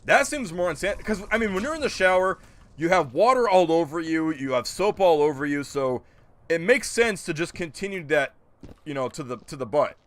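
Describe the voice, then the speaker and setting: A man's voice: fairly high pitch, lively intonation, normal speed, a bit bright. A man streaming a game, chatting casually and ranting in disbelief as he answers his chat. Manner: incredulous, joking rants, answers chat. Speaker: gaming streamer.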